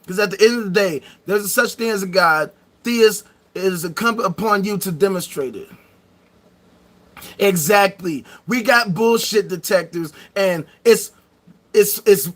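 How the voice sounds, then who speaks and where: Brief: male live-stream host, high bright voice, profane mocking rant with bursts of shouting. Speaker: streamer hosting a live debate show.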